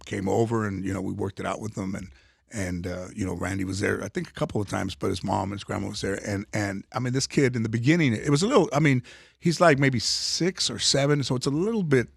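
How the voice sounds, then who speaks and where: A comedian being interviewed, telling rambling stories full of restarts and fillers. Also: male voice, on the low side, fast talker, creaky, husky, no room sound, studio quality. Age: older. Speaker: comedian guest. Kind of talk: casual interview storytelling.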